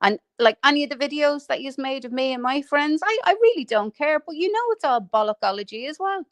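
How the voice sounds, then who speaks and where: A woman's voice: high-pitched, expressive, brisk, dry recording, clean studio sound. A woman hosting a livestream, ranting in a foul-mouthed, mocking way and laughing at her own insults. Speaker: livestream host.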